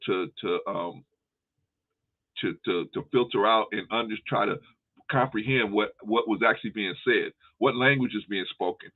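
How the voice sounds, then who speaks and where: A man with a fairly low voice hosts a casual discussion. He explains at length with everyday analogies and often stops to restart a phrase. His voice comes through a narrow, tinny phone line. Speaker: host.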